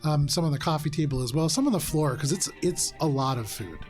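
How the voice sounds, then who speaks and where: A man narrating a tabletop game as game master, describing scenes in a relaxed, descriptive way with frequent fillers. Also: on the high side, brisk, soft background music.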